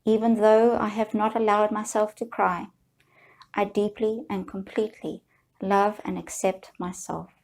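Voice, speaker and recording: A woman guiding viewers through a slow, soothing tapping session, leading them in repeated affirmations. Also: medium pitch, level tone, a little mellow. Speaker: EFT tapping guide.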